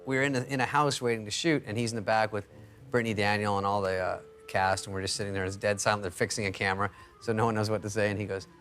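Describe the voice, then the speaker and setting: Deadpan male storyteller over music. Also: lowish voice, fast. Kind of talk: comic anecdote on a talk show.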